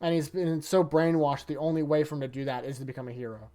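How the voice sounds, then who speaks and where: A YouTuber giving a casual, rambling review of a manga chapter, chatty and quick to laugh. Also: mid-range voice, steady tone, dark tone, faint music behind.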